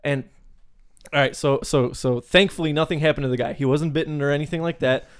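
A man's voice: fairly high pitch, steady tone, brisk, clear, resonant tone. Laughing, foul-mouthed man spinning stories. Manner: loose, profane storytelling with laughs. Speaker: podcast co-host. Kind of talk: casual podcast chat.

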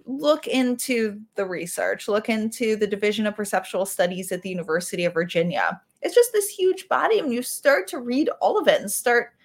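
A woman's voice: mid-range voice, lively intonation, brisk, few pauses. A woman guest on a radio show, an author and podcaster, talking in a friendly, informal way. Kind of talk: casual radio interview.

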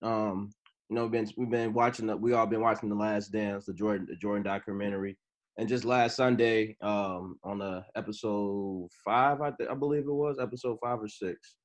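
A man's voice: lowish voice, fairly even intonation, normal speed. A man co-hosting a podcast, introducing a topic in a rambling, hesitant way. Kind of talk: casual chat.

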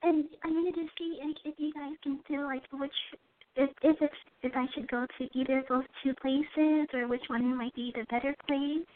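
A woman calling in to a radio show, asking her question hesitantly with many pauses and ums. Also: high-pitched, fairly even intonation. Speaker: caller. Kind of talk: call-in question. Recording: thin phone line.

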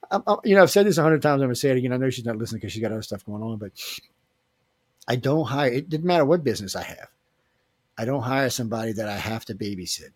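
A man's voice: medium pitch, breathy edge, no room sound. A man hosting a casual radio show, joking and rambling with filler restarts. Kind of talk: casual live radio chat.

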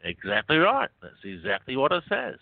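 A man's voice: medium pitch, huge pitch swings, moderate pace, gravelly, no room sound. Man, phone-in guest, chatty, laughs a lot, filler-heavy, dry tinny line. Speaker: guest, researcher. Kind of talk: casual phone-in interview.

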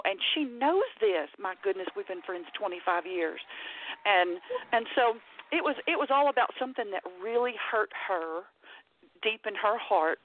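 A woman calling in to a talk show, telling a personal story in an emotional, animated, halting way. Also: mid-range voice. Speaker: caller. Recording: dry tinny phone line.

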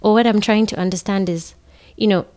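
A woman sex therapist explaining things in a measured way on a podcast, with frequent "you know" fillers. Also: mid-range voice, steady tone, a little mellow. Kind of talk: podcast conversation.

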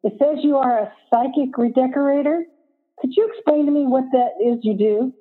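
Lady doing a jittery man in his forties, stumbles over his words, husky, tinny line. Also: very high-pitched, normal speed, pitched above the performer's own voice. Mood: nervous. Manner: hesitant, stammering. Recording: phone-like audio line.

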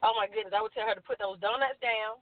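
A woman's voice: mid-range voice, steady tone, fast, no echo. Emotional woman singer on a phone line. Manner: candid, emotional, laughs often. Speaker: guest singer. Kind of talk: casual radio interview over the phone.

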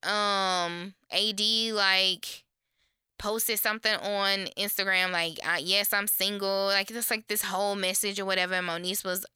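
A woman's voice: mid-range voice, unhurried, smooth, no room sound, clean studio sound. A woman co-hosting a podcast, recapping reality TV in casual chat, swearing freely and acting out quotes. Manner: animated storytelling, acts out quotes, swears freely. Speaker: podcast co-host.

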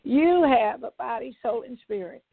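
Gravelly older woman preaching testimony. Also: on the high side, expressive, moderate pace, dry recording. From Tennessee, US. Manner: emphatic, repeats phrases for effect. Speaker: evangelist. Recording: tinny phone-like audio.

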